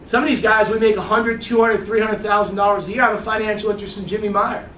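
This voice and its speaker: A man giving a casual, animated business training talk to a group, blunt and swearing freely, often checking in with "right?". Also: high-pitched, quick pace, a little hiss or hum. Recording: echoey room, mic far off.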